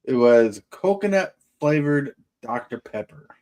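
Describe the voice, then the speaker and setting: Male stream host, chatty and rambling, average pitch. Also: lively intonation, a little slow, darkish tone. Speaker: livestream host. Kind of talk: casual chat.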